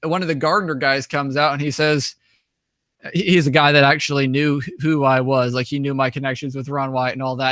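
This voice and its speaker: A man's voice: medium pitch, steady tone, a little fast, fairly bright tone, no echo, clean studio sound. A young man casually telling travel stories over slides, rambling with many restarts and fillers. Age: young adult. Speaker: guest, author and traveler.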